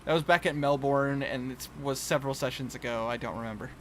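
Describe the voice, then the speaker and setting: A man's voice: medium pitch, quick pace, noisy background. A man running a tabletop game over voice chat, casual and chatty, laughing often and restarting his sentences. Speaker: game master.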